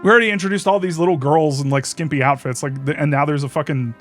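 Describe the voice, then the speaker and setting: Excitable swearing male streamer. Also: a little high, quick pace, soft background music. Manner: excitable, swears freely, laughs often. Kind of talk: casual live-stream commentary while reading a visual novel aloud.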